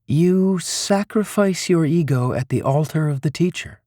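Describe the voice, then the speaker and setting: A breezy, teasing young woman from an audiobook, as a male narrator puts her on. Her voice sits higher and livelier than an ordinary man's. She sounds light and cheeky, recorded close and dry. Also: unhurried, warm tone, no room sound, lightly acted. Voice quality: raised, lighter voice. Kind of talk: audiobook character reading.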